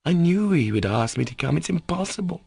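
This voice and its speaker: A man putting on a defiant young woman with a raised, husky voice that climbs high and trembles as she stammers through her refusals. An audiobook reading with a gravelly edge under her voice, recorded close and dry. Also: big pitch swings, fairly quick, a little mellow, dry recording, heavily acted. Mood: anguished. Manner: faltering, stammering. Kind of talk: audiobook character voice.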